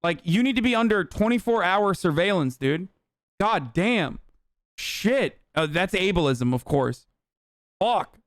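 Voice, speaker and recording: A man's voice: sits high, expressive, takes it slowly, dry recording. A young man streamer ranting heatedly and profanely in live-stream commentary, reading posts and mocking them.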